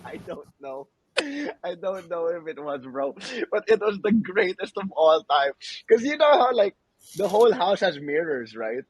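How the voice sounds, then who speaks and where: A man's voice: high-pitched, very animated, a little slow, slightly rough, dry recording, poor audio. A young man co-hosting a podcast, telling funny stories in casual chat, slipping between English and Tagalog slang and laughing often. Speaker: podcast co-host.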